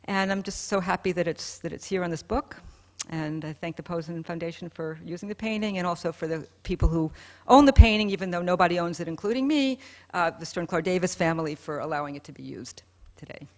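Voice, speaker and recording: An artist gives short remarks about their own painting at a public event. The talk is informal and earnest, with hedges that trail off. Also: mid-range voice.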